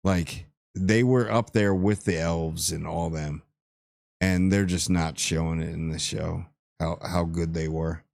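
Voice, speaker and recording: Male host, low-pitched, talking loose and slangy through a spoiler review in a dry room. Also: steady tone, a little slow, vocal fry, a little mellow, dry recording. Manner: rambling and slangy, with playful asides.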